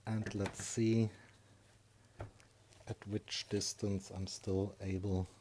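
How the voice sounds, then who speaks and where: A man with a deep, low voice talks slowly as he works through a repair at his bench, thinking aloud. He hesitates often and trails off into fillers, and a faint hiss sits under his voice. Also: level tone, warm tone. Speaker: electronics hobbyist. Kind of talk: workshop voice-over talk.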